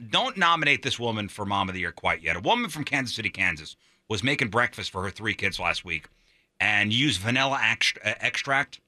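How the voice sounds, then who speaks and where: A man's voice: mid-range voice, sharp tone, no room sound. A man hosting a radio show, chatting casually and joking his way through odd news stories on a close studio mic. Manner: jokey, laughs while telling stories.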